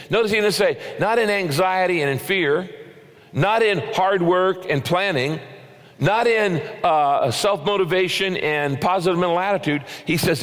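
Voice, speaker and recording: A pastor preaching a sermon in an earnest, emphatic way, asking rhetorical questions. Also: male voice, a little high, lively intonation, a little slow, a bit bright, big-room sound.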